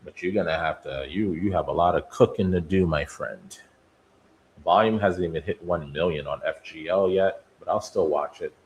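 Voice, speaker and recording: A low-voiced man hosts a live trading stream from his desk, musing out loud and bantering with each ticker he scans. A faint hum of room ambience sits under his voice. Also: normal speed, dull audio. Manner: talks to stocks like people, musing and bantering. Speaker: day trading stream host. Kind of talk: live market commentary.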